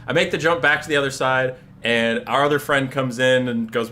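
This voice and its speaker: Young male streamer, casual and foul-mouthed, with a bright, sharp tone. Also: medium pitch, quick pace, hardly any pauses. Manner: animated, profane storytelling. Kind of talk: casual live-stream chat.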